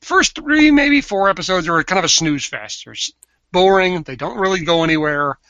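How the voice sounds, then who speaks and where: A man co-hosting a casual podcast chat. He is teasing and blunt, with quick jabs. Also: fairly high pitch, animated, a bit bright, no echo. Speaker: podcast co-host.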